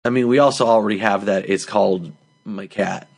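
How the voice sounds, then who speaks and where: A man's voice: on the low side, a little fast, gravelly, darkish tone. A man hosting a comedy podcast, bantering and joking, sometimes switching into a mock-grand, solemn tone. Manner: jokey, slips into mock-grand solemn delivery. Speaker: podcast host.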